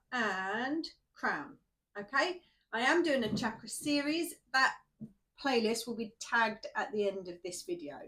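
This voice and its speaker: This is a woman who sits a touch high in pitch. She sounds worn out and a little shaky from night shifts, but she stays chatty, rambling, and quick to laugh at herself. She is a tarot reader warming up her viewers with some casual chat.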